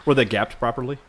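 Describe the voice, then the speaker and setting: A man on a podcast, reacting to friends with quick jokes in casual chat. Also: medium pitch, a bit bright, breathy edge. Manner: quick reactions, joking asides. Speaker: podcast co-host.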